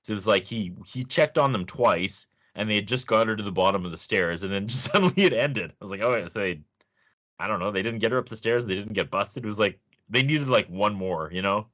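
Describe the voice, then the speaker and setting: A man's voice: on the low side, a little fast, a bit bright. A man co-hosting a casual review podcast, laughing often and making sarcastic asides. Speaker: podcast co-host.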